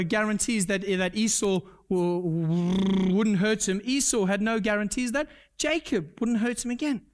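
Earnest preacher man giving a sermon. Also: high voice. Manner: earnest, repeats key points, asks the congregation questions; self-deprecating humor. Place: church service.

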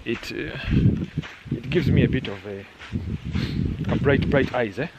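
A man's voice: mid-range voice, a little slow, muffled recording, very noisy. A middle-aged man talking casually as he walks a muddy outdoor trail, joking and tagging sentences with "eh?". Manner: rambling, joking, frequent "eh?" tags. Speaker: vlogger on a hike. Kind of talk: casual walking vlog narration.

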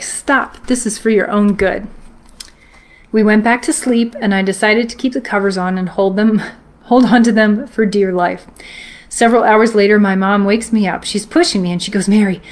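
A woman hosting a live stream, reading a ghost story aloud in a steady, measured storytelling way. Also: medium pitch. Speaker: host.

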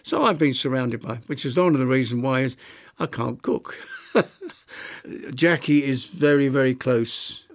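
A retired architect from London, in his nineties, reminisces in an interview with a mid-range voice. He speaks haltingly and reflectively, restarting often and leaning on fillers.

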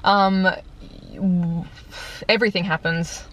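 Young woman, vlog host, chatty and animated, casual review talk into a camera mic. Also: lowish voice, takes it slowly. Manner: chatty, animated, lots of fillers. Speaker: YouTube vlogger reviewing a film. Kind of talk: casual chat. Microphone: compact camera mic.

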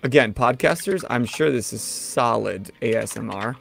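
A man's voice: medium pitch, animated, moderate pace, creaky, a bit bright, faint music behind. A man co-hosting a casual live stream, teasing his guests and laughing often. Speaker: co-host. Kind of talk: casual livestream chat.

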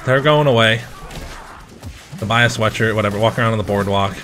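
A man playing a video game and commenting as he plays, swearing and shouting at the game, then rambling through a story. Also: fairly low pitch, fairly quick, a little hiss or hum. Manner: profane, excitable outbursts at the game; chatty, rambling anecdotes. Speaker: gamer.

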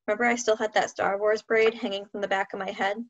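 A woman's voice: mid-range voice, flat delivery, fast talker, natural voice. A woman voicing an eager, cheeky ten-year-old boy in a read-aloud story. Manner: pleading, then teasing. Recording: dull lo-fi sound.

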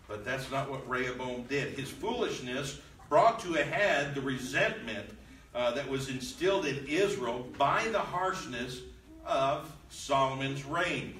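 A man's voice: mid-range voice, lively intonation, measured pace, fairly bright tone, slight background noise. A man teaching a Bible lesson in a church, reading old scripture aloud and then explaining it in casual, plain talk. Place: church room. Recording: echoey room, mic at a distance.

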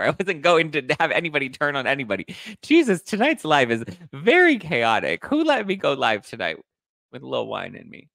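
A man hosting a casual live stream, reading viewer comments aloud with animated mock outrage. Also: medium pitch, gravelly, dry recording, studio quality. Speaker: host reading live chat.

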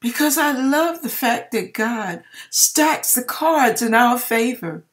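A woman giving a personal faith testimony, telling her story in an emphatic, expressive way with churchy exclamations. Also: on the high side, slow. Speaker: hairdresser sharing a personal testimony.

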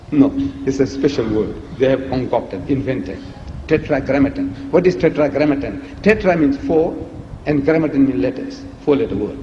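A man giving an emphatic public lecture, asking rhetorical questions with a lively, teasing delivery, heard on an archive recording. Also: mid-range voice, a little fast, a little hiss or hum. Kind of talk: public lecture played in a reaction video. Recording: echoey hall, dull lo-fi archive recording.

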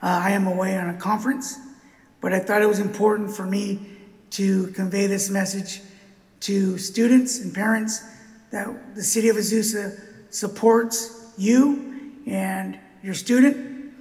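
A congested man in his fifties, a city mayor giving a recorded welcome message, speaking haltingly with many fillers and restarts. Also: high-pitched, fairly even intonation, a little mellow, echoey room, long reverb tail.

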